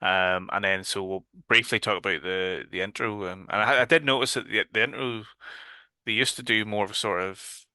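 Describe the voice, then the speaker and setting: A man's voice: fairly low pitch, steady tone, moderate pace, bright, forceful tone, smooth, no room sound, studio quality. A man with a Northern Irish accent, co-hosting a casual horror podcast chat, swearing freely and loosely. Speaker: podcast co-host.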